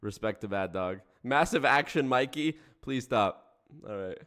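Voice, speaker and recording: Male streamer, casual and profane, mid-pitched with lots of melodic movement, keeps cracking up. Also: animated, a little slow, fairly bright tone. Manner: breaks into frequent laughter, swears casually. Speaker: streamer host. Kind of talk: casual livestream chat reacting to viewers.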